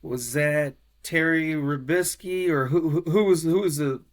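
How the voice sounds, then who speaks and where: A man's voice: a little high, measured pace. A man co-hosting a podcast, chatting casually and telling a joking story about himself with some swearing. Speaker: podcast co-host, former football player. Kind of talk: casual chat.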